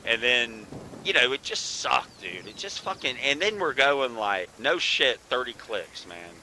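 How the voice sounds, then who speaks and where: A man's voice: medium pitch, very animated, measured pace, sharp tone, a little hiss or hum, rough recording. Profane, laid-back gamer guy. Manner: profane, laid-back, calls everyone bro. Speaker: channel host, former soldier. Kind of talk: casual gaming chat.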